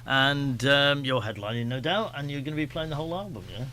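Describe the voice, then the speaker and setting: A man's voice: medium pitch, fairly quick, sharp tone, slight background noise. A man with a Staffordshire accent hosting a radio show, chatting in a rambling, self-deprecating way with lots of restarts. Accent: Staffordshire English. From England, Stafford. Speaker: radio host. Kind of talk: casual radio chat. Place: radio studio.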